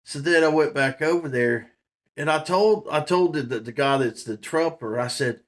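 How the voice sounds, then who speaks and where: Casting: man, somewhat high voice, loose rambling vlog monologue. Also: a little slow. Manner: rambling, many fillers and laughs. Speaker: vlogger. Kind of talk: casual storytelling monologue.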